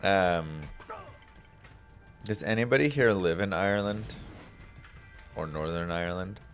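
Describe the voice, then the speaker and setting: A man's voice: low voice, soft background music. A man streaming a game, chatting casually and dryly as he reads viewer messages and muses aloud. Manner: dry, unhurried, musing aloud.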